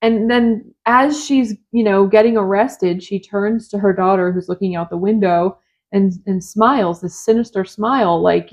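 A woman in a relaxed movie-review chat with her co-host. She recaps the plot in a conversational, chatty voice of middle pitch. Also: normal speed, low-quality recording. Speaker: podcast co-host.

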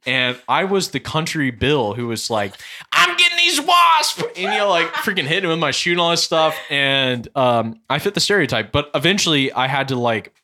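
A young man with a Southern American accent, chatting casually and telling animated, laughing stories. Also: mid-range voice. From Southern United States. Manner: animated storyteller, laughs often. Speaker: podcast guest. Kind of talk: casual chat.

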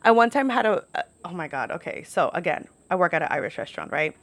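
A woman's voice: on the low side, big pitch swings, fast, fairly bright tone, no room sound. A young woman from New York telling stories in a casual podcast monologue, chatty and profane, full of "like". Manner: chatty, lots of "like", profane asides. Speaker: podcast host.

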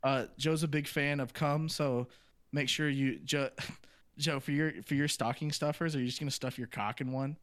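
A man's voice: medium pitch, fairly even intonation. Young guy, podcast host; casual, rambling storyteller who laughs a lot, mid-range voice. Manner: laughs often, talks fast in repeated bursts.

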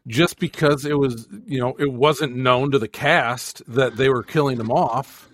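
A man co-hosting a casual podcast chat, speaking in a halting way with many restarts. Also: medium pitch. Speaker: podcast co-host.

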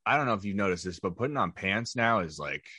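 Young male podcast co-host, low and bright, dry close sound, wry observational. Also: lively intonation, fast, slightly rough, no echo. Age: young adult. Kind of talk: casual comedic chat. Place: New York area.

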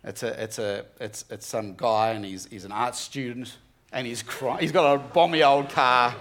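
A man's voice: mid-range voice, fairly even intonation, normal speed, fairly bright tone. A young man giving an earnest, conversational Bible talk to students, often restarting his sentences. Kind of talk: sermon.

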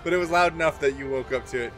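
A man narrating a tabletop game as game master, in a casual, halting way with many restarts. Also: a little high, fairly bright tone, soft background music.

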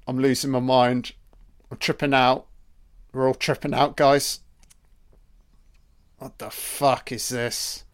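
First time watching this film, a man mocks it in a sarcastic solo commentary that's profane and full of deadpan asides. He has a medium-pitched voice, a slow pace and frequent pauses.

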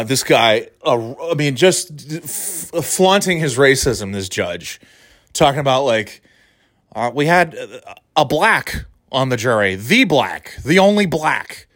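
A man's voice: fairly high pitch, fairly bright tone, no room sound, clean studio sound. A man delivering an angry, profane rant with choppy, restarting sentences. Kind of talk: ranting monologue.

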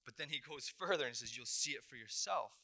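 A middle-aged pastor preaching a sermon in a very bright, crisp voice. He retells the story dramatically and leans hard on repeated words. His pitch sits in an ordinary middle range for a man. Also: animated, fairly quick. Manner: dramatic retelling with acted quotes, emphatic repetitions.

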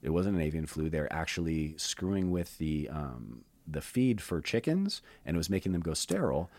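A man hosting a podcast, rambling in an animated, conspiratorial way in casual chat. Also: very deep voice, normal speed, dry recording. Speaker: podcast host.

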